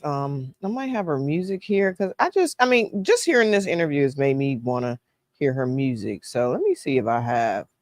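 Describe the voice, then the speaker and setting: A woman's voice: rumbling low, a little mellow, no echo. Woman host, casual commentary, laughs a lot, teasing, dry close sound. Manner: laughing, teasing, talks back to the clip. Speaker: reaction video host.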